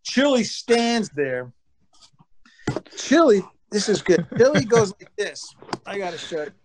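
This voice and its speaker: A man, a former baseball pitcher, telling casual anecdotes with animated delivery, acting out his teammates' lines and swearing casually. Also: measured pace, noisy background.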